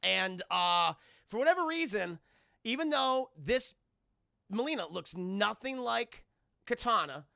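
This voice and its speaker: Gravelly, sarcastic man recapping a film. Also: high voice, lively intonation, a little slow, bright, forceful tone, no echo, clean studio sound. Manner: sarcastic, swears a lot, acts out scenes. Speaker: streamer reviewing a film for live chat. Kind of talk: casual profane film recap.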